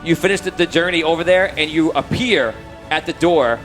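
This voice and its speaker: A man's voice: on the high side, moderate pace, a bit bright. A man narrating a tabletop game as game master, rambling with many fillers, over background music.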